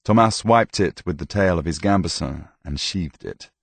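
Man, audiobook narration, measured, low voice, dry close mic. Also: vocal fry, dry recording. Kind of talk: scripted narration.

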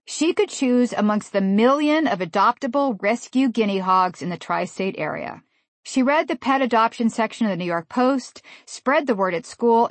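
A woman in her forties from the USA, reading her own humorous memoir in a wry, deadpan way. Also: mid-range voice, no room sound. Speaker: author narrating a memoir. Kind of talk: humorous audiobook narration.

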